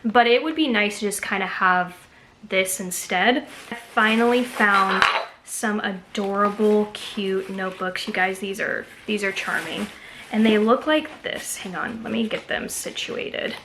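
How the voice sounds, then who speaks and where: A woman's voice: mid-range voice, unhurried, noisy background. A woman from Texas chatting casually to camera as a haul vlogger, gushing enthusiastically over each find.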